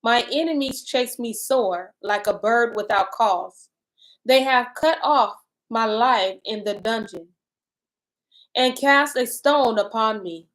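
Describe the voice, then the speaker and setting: A woman with a fairly high voice reads scripture aloud at a slow, careful pace. Between verses she drops into loose, lively chat about what she has read. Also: rough recording. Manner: reads verses slowly, then chats in animated bursts. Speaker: co-host reading and discussing scripture. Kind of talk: scripture reading and casual discussion.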